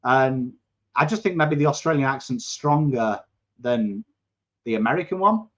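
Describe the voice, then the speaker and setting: Excitable and coarse-voiced, this English watchalong host talks through a live football match, reading viewer comments, cursing and breaking into shouts at the play. He speaks at medium pitch and moderate pace, with dull, lo-fi stream sound.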